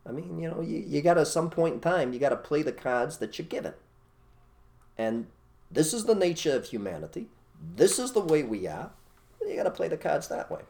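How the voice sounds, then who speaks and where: A man co-hosting an opinionated casual chat, blunt and animated, repeating his phrases for emphasis. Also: fairly high pitch, fairly quick, creaky. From United States. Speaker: co-host.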